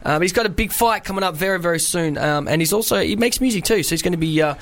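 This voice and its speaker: A man's voice: high-pitched, racing. A young man hosting casual radio chat in a studio, telling stories animatedly and swearing freely. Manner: animated storytelling, acts out other voices, swears freely. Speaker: radio host.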